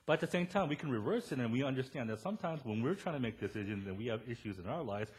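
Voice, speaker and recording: Lively conversational man preaching. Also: mid-range voice, rapid-fire. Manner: conversational, joking with the congregation. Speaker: pastor. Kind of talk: sermon. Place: church service before a congregation.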